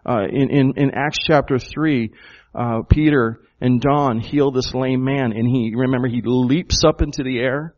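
A man's voice: mid-range voice, fairly even intonation, measured pace, highs cut off. A man preaching a sermon, emphatic and full of rhetorical questions to the congregation. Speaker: pastor.

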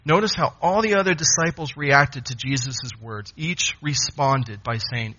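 A man preaching a sermon, emphatic, with dramatic pauses. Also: mid-range voice, animated, sharp tone, husky, muffled recording.

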